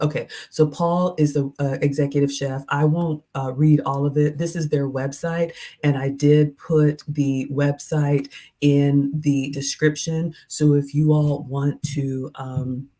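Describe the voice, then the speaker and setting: A chatty woman in her forties hosts a casual livestream, reading out viewer comments and laughing at herself between thoughts. Her speaking voice sits low for a woman. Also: level tone, a little slow, dark tone. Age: 40s. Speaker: livestream host reviewing a restaurant.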